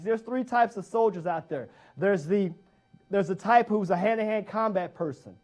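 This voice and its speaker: High-voiced male motivational speaker. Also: fairly quick, darkish tone. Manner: emphatic, repeats key phrases for effect. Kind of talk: motivational speech.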